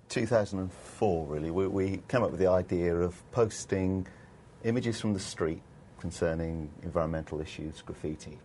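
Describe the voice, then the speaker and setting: A man's voice: low voice, darkish tone, slight background noise. A man speaking as a guest on a panel, matter-of-fact.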